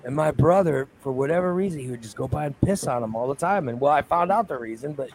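A man with a slightly high, gravelly voice rambles through a story in coarse, casual chat. He talks like a morning-show regular. Faint noise sits behind him. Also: expressive, fast talker, a little mellow, low-quality recording. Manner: rambling storyteller, crude language. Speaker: radio show co-host.

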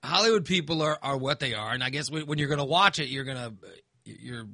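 A man's voice: mid-range voice, animated, fairly quick, bright, forceful tone, no echo, studio quality. A man ranting casually, exasperated and sarcastic, sounding fired up. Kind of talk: casual opinion rant.

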